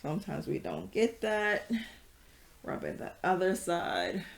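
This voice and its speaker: A woman's voice: lowish voice, big pitch swings, a little slow, creaky. A woman leading a casual yoga class, chatty and rambling, with many fillers and frequent laughs. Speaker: yoga instructor.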